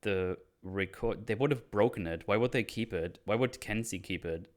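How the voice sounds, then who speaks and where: A man hosting a casual podcast, retelling film scenes in loose, animated speech with crude jokes. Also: fairly low pitch, moderate pace. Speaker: podcast host recapping a film.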